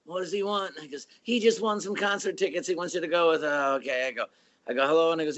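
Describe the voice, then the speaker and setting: Older guest musician, storyteller who does voices, animated delivery. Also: male voice, a little high, fast talker. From Chicago area, USA. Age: 60s. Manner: animated, acts out voices in stories. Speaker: band member guest. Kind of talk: casual storytelling.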